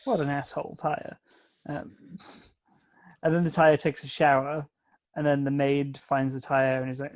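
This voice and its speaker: A man's voice: medium pitch, little pitch movement, normal speed, no echo. A man co-hosting a podcast, chatting wryly about a film with jokey asides. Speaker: podcast co-host. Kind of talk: casual comedic film review.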